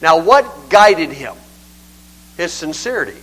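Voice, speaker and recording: A man's voice: a little high, big pitch swings, slow, a bit bright, low-quality recording. An older man preaching a sermon in a folksy, conversational and emphatic way.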